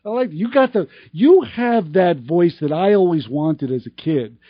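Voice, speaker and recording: A man's voice: high voice, expressive, moderate pace, no echo. A man hosting a radio show, bantering playfully and joking with his guest. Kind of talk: casual radio chat. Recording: dull lo-fi radio sound.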